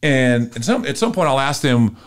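A middle-aged man from Texas, a marketing consultant guest telling an animated, emotional story and acting out dialogue in a podcast interview. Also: medium pitch, moderate pace. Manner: lively, emotional storyteller, often acts out dialogue.

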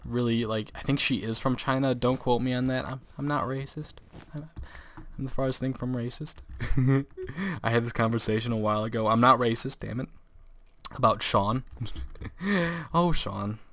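A man's voice: mid-range voice, fairly even intonation, moderate pace, pauses often, a bit bright. Teenage male gameplay commentator; casual, rambling storyteller who laughs a lot. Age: teens.

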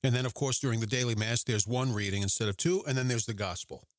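A man talks straight into a close microphone for his own religious podcast, earnest and conversational. He keeps asking his listeners rhetorical questions. His voice sits at an ordinary middle pitch, and the sound is dry with no room echo. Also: fast talker. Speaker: podcast host. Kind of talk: solo religious podcast talk.

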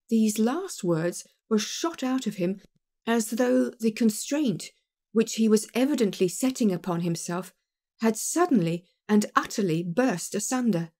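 A woman narrating an audiobook of a classic detective story in a measured, expressive reading. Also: fairly high pitch.

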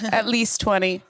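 A young woman co-hosting a podcast, chatting casually with crude jokes and lively storytelling. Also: medium pitch, no room sound. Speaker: podcast co-host. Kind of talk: casual chat.

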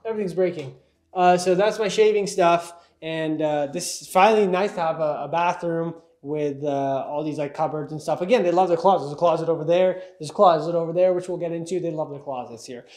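A man's voice: fairly high pitch, a little fast, a little mellow. A young man giving a casual, joking tour of his new house for his vlog, chatty and self-mocking. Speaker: vlogger giving a home tour.

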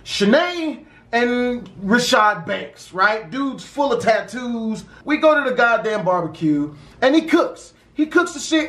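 A young man casually telling a story about a friend, with profane street slang and an animated delivery. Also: very high voice, slow. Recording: roomy echo.

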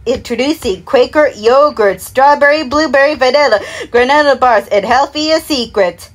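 A woman recreating a TV commercial break by herself, rambling through slogans and product names in slurred, half-mumbled words and humming the jingles as "da da". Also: sits high. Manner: hums and sings jingles in "da da" syllables.

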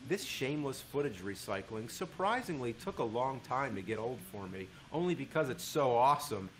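A man giving a casual, animated spoken review of a TV show, swearing freely as he talks. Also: medium pitch, normal speed, slight background noise.

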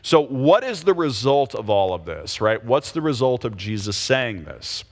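Man leading a relaxed Bible study. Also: mid-range voice, normal speed. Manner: explains patiently, checks in with frequent "okay?" and "right?". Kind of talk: conversational Bible teaching.

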